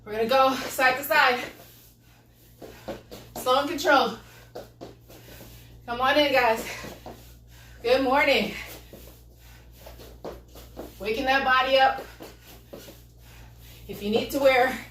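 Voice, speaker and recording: A woman with a fairly high voice coaches a workout at home, breathless and upbeat as she calls out moves and greets viewers. She sounds a little distant from the mic, in an echoey room with faint noise behind her. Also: fairly even intonation, slow, pauses often, a bit bright. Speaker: fitness instructor. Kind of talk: live workout session.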